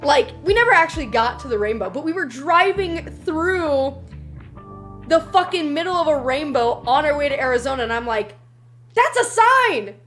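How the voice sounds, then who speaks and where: Young female streamer, high pitch, loose and profane storyteller, faint background music. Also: moderate pace. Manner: chatty, swears freely, animated storytelling. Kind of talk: casual live-stream chat.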